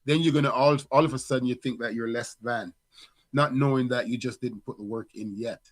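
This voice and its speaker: This is a man's mid-range voice with fairly even intonation and a brisk pace. He's a middle-aged dad co-hosting a podcast, chatting casually and thoughtfully while often restarting and using fillers.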